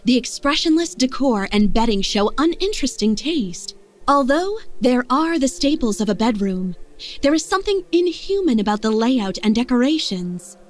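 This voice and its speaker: Female narrator, detached and clinical, slightly high. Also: big pitch swings, normal speed. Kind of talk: scripted game narration.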